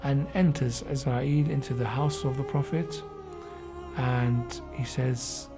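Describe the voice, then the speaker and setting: A man recounting religious history for a documentary, with an emphatic, forceful delivery. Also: medium pitch, steady tone, slow. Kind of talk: documentary storytelling. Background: background music.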